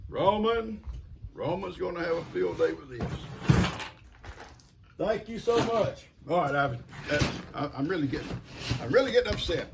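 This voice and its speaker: A man's voice: high voice, lively intonation, normal speed, vocal fry, long pauses. An older man, chatting casually and folksily to camera while opening gifts and talking to his pets. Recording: noisy home recording.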